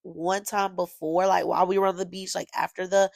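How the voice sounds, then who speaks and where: Gushing young woman with a gravelly edge. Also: lowish voice, brisk, no room sound. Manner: animated, gushing, talks straight to listeners. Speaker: podcast host. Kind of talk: casual storytelling monologue.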